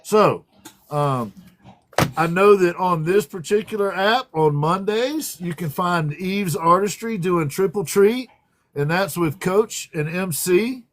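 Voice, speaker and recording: A man's voice: high voice, lively intonation, slow. A man co-hosting a casual livestream, rambling through announcements and greeting viewers by name. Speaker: livestream co-host.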